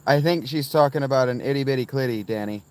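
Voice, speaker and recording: A man's voice: medium pitch, fast talker, a little mellow, clear, resonant tone. A man casually chatting on a livestream from inside a tent, answering viewers in the chat by name. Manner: rambling, answers chat viewers by name, sudden sing-song chanting. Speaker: livestream host reading chat.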